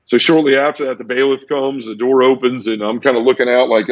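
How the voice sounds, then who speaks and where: A man's voice: mid-range voice, fairly even intonation, brisk, dry recording. Man, vivid emotional storytelling, repeats himself, dry dull recording. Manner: emotional, repetitive, vivid retelling with sound effects. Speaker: guest on a faith podcast. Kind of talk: personal testimony storytelling. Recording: dull, lo-fi podcast audio.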